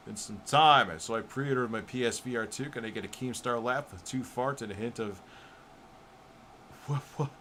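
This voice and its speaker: A man's voice: mid-range voice, moderate pace, fairly bright tone, a little hiss or hum. A middle-aged man hosting a livestream, bantering loosely and crudely while he reads chat messages aloud. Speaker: livestream host.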